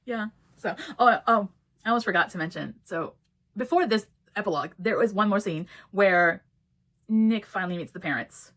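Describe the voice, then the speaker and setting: A woman's voice: mid-range voice, normal speed. A woman giving a casual book review, blunt and swearing freely as she retells the story and acts out the characters' lines.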